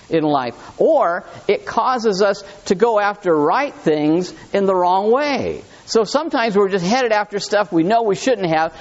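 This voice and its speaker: Guy preaching, high lively voice, kinda muffled lo-fi sound. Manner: animated, conversational preaching with fillers and restarts. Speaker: pastor. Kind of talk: sermon.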